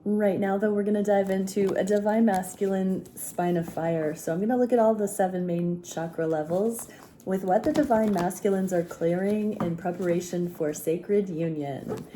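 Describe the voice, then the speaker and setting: A woman with a hoarse, gruff voice from a sore throat, giving a calm spiritual tarot reading. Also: medium pitch, normal speed, slight background noise. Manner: calm, searching, prayerful. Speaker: tarot reader.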